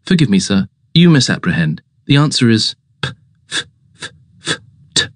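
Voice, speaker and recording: A man voicing an unflappable male valet who speaks in a measured, deferential, deadpan way. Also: lowish voice, dry recording, clean studio sound.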